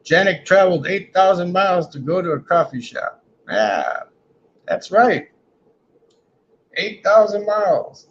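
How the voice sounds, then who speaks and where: A man's voice: sits high, lively intonation, a little slow, pauses often. A man hosting a casual livestream, reading chat comments aloud and joking in a rambling way, often ending lines with "man". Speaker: livestream host. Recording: dull lo-fi stream audio.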